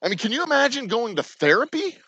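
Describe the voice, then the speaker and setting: A distillery owner with a Texan accent rants sarcastically to camera on his channel, swearing heavily and doing mocking imitations. His very high, sing-song voice is fast with a sharp tone; the highs are cut off and there's slight background noise.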